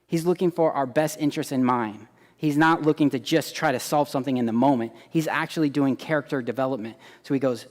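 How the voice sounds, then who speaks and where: A man preaching a sermon, animated, acting out quoted voices and swinging between loud emphasis and hushed asides. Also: medium pitch, a little fast, long reverb tail. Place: church hall.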